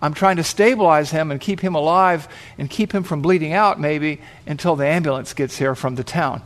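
A man voicing a calm woman paramedic who explains patiently and reassures an injured biker, told as a story within a sermon. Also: a little high, normal speed, close to an everyday voice. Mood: reassuring.

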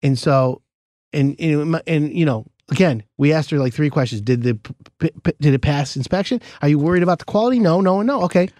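A man telling a story on a casual podcast, with his pitch swinging up and down as he acts out the people in it. His voice sits slightly high for a man and sounds close and dry, with no room around it. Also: expressive, brisk, darkish tone, no echo.

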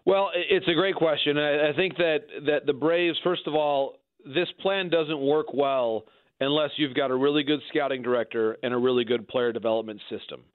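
Man on a thin phone line, measured. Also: fairly high pitch, no room sound. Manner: measured, frequent restarts and repeated words. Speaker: baseball analyst guest. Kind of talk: conversational sports analysis.

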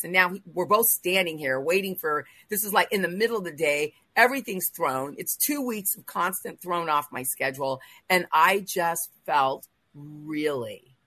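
A woman hosting a faith talk show, telling a personal story in an emotional, animated way with quoted asides. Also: sits low, a little slow, no room sound. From Los Angeles area. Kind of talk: casual storytelling in a group chat.

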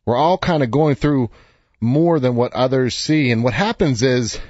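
Man around fifty, motivational author talk, earnest, encouraging, middle pitch, dry close sound. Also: lively intonation, moderate pace, darkish tone, dry recording, highs cut off. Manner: earnest and encouraging, loose with fillers. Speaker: author and speaker. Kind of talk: motivational direct-to-camera talk.

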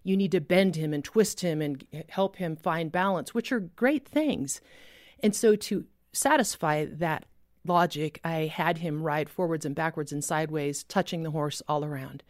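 A woman telling a personal faith story as a guest, earnest, with pauses and restarts. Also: low voice, dry recording, studio quality.

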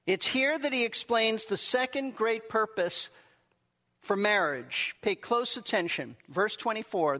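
A man delivering a Bible teaching in a high, bright voice, stressing key phrases and surging with enthusiasm. The sound carries a long reverb tail, like a large hall.

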